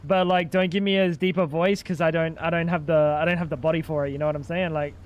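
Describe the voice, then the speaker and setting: A man's voice: fairly high pitch, fairly even intonation, fast. A young man livestreaming a game, chatting casually and joking back at his chat. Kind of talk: casual gaming stream chat.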